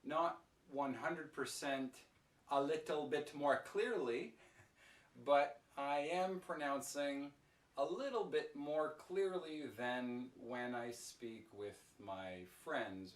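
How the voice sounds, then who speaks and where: A man teaching an English pronunciation lesson, speaking slowly and clearly with careful pronunciation. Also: mid-range voice, roomy sound, recorded from a distance.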